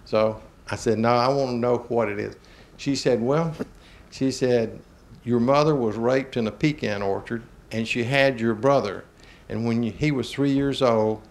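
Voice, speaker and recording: A man's voice: medium pitch, vocal fry. Older man telling folksy stories. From Georgia, US. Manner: animated, chuckling, drawling Southern speech. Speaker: talk show host. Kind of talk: folksy storytelling.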